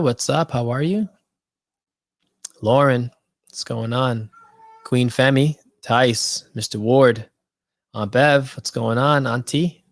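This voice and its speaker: A man's voice: mid-range voice, no room sound, studio quality. A man hosting a podcast livestream, chatting casually and thanking viewers, with many fillers and restarts. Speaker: podcast host.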